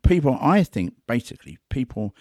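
In a clean, dry studio recording, a big cat investigator shares stories in a conversational style, his mid-range voice at normal speed. He stays animated throughout, performing quotes and sound effects.

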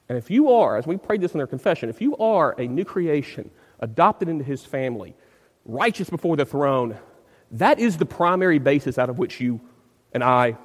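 A man's voice: medium pitch, long reverb tail. A man, a pastor, preaching a sermon in an emphatic way, often repeating words as he searches for the phrasing.

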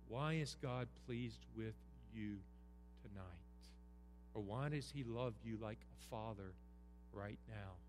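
A man's voice: on the low side, measured pace. A middle-aged man, preaching an earnest Christmas Eve sermon with emphatic repetition. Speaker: pastor. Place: church sanctuary. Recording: roomy hall reverb, faint hum.

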